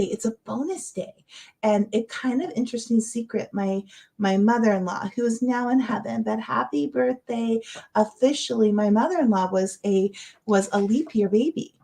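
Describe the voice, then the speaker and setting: Chatty woman hosting a livestream. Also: medium pitch. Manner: chatty, rambling, encouraging, with many fillers. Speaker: livestream host. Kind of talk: casual livestream chat. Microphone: webcam or computer mic, livestream.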